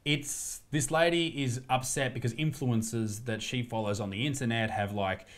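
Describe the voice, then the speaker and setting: A man's voice: medium pitch, moderate pace. A man with an Australian accent hosting a crude comedy reaction video, brash and profane. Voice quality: brash and profane, mock outrage. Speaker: comedy commentary host.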